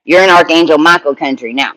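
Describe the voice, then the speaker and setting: Brief: high-pitched male spiritual teacher, emphatic and repetitive. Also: fast talker, bright, forceful tone, poor audio. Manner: repetitive, emphatic, restarts phrases.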